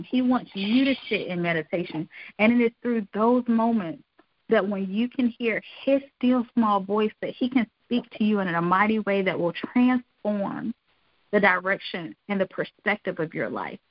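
A woman's voice: mid-range voice, no room sound, highs cut off. A middle-aged woman giving an earnest, encouraging devotional talk, repeating phrases for emphasis. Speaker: devotional speaker.

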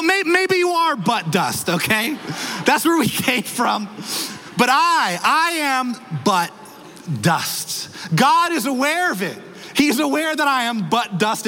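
High-voiced preaching man in echoing hall. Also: pushed and bright. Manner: emphatic preaching with wide swings of pitch and pace. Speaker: pastor. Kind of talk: sermon. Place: church sanctuary.

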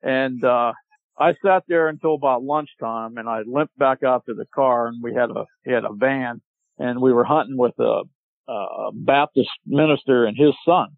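A man telling a long hunting story as a podcast guest, animated and laughing as he goes. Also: mid-range voice, moderate pace, vocal fry, dry recording. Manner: animated, laughs while telling, acts out shouted quotes. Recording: tinny dry phone-line audio.

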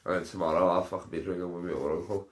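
Young guy, stoned, rambling podcast stories, swears a lot, lowish voice. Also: fairly even intonation, very fast. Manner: rambling, laughing, sweary storytelling. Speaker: podcast host. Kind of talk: casual solo podcast chat. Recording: roomy echo.

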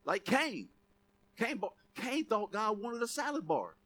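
Here the sermon comes in a high, sing-song male voice that's unhurried yet pushed and bright. The pastor keeps things conversational and punchy, cracking jokes, chuckling often and prompting the congregation with "Amen?" and "right?"

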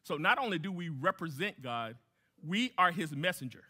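A man's voice: a little high, expressive, normal speed, sharp tone, breathy edge. A man preaching a sermon as a guest pastor, emphatic, repeating key phrases and putting questions to the congregation.

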